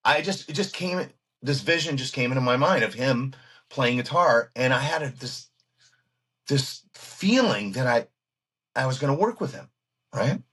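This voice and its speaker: A man who is a guest musician telling stories in an interview, excitable and animated, acting out what other people said. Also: mid-range voice, normal speed, breathy edge. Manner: excitable, acts out quoted voices, frequent restarts.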